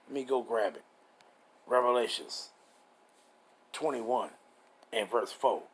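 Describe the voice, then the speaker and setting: Man, husky voice, mid pitch, casual street-style preaching, slow deliberate verse reading, rhetorical questions. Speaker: scripture teacher. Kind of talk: informal scripture reading and preaching.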